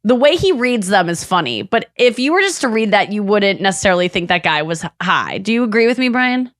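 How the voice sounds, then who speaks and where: A woman hosting a podcast in a casual chat, animated, slipping into exaggerated voices for quotes and laughing as she talks. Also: medium pitch, brisk, no echo, clean studio sound. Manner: frequent restarts and laughter while talking. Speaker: podcast host.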